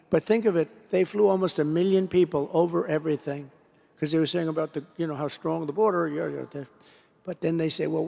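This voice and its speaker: A man delivers a rambling political speech from a podium, circling back to the same phrases again and again. His voice sits a little high for a man and has a gravelly, fry-laden edge. A long reverb from a large convention hall trails behind every phrase. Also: a little mellow. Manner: rambling, repetitive, digressive. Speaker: political speaker addressing an association. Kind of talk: rally-style political speech.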